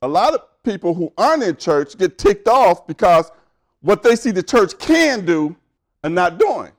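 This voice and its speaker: A man's voice: high-pitched, very animated, unhurried. A man preaching a sermon with emphasis, his voice climbing as he builds a point. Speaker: pastor.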